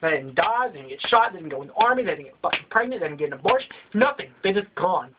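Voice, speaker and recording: A man's voice: sits high, very animated, fast talker, noisy background. A young man in his late teens, ranting in a comedic vlog with lots of profanity and exaggeration. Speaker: vlogger. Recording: dull lo-fi home video audio.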